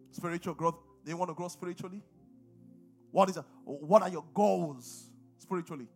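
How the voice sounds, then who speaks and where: A middle-aged man with a Nigerian accent preaching a sermon and calling on the congregation to respond. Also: on the high side. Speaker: pastor.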